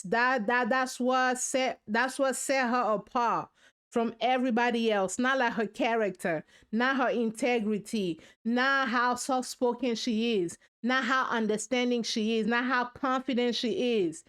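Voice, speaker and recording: A woman's voice: fairly high pitch, unhurried, fairly bright tone, smooth. A woman hosting a reaction video, giving sassy, slangy commentary on a reality show and talking straight to her viewers.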